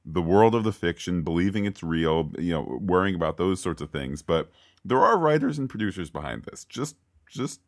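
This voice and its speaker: Man, very low voice, opinionated podcast co-host, playful rants. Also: expressive, a little fast. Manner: opinionated, ranting with playful asides. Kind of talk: casual chat about a TV episode.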